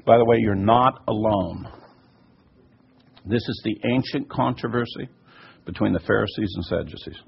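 A man's voice: fairly low pitch, gravelly, slightly rough. A man teaching from scripture and answering listener questions, emphatic and fond of asides. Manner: emphatic, repeats "by the way". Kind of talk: teaching talk. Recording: muffled lo-fi recording.

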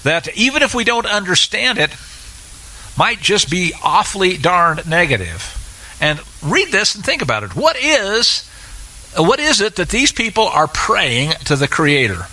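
A man teaching through Scripture in an animated, sarcastic way, with many filler uhs. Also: sits high, unhurried, rough recording. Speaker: Bible teacher. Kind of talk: expository Bible teaching.

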